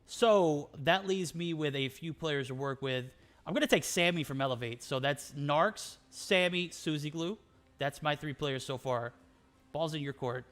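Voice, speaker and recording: A man's voice: a little high, fairly bright tone. A man casting a live esports stream, hyped and bantering as he runs through player names. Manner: hyped, rapid name-listing banter. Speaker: esports caster.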